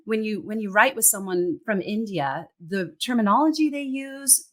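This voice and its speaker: A woman from Central California with a Californian accent, speaking passionately and emphatically as an interview guest. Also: mid-range voice. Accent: Californian American English. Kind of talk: interview conversation.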